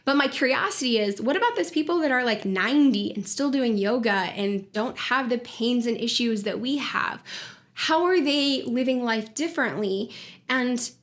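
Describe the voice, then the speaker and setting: A woman's voice: a little high, lively intonation, normal speed. Earnest woman talking through a wellness podcast. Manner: earnest, conversational, with fillers and restarts. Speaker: podcast host and wellness coach. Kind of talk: casual explanatory monologue.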